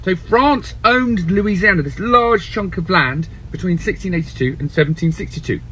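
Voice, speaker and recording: A man retelling history in an animated comic way, swearing and putting on voices. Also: sits high, normal speed, breathy edge. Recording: dull lo-fi sound.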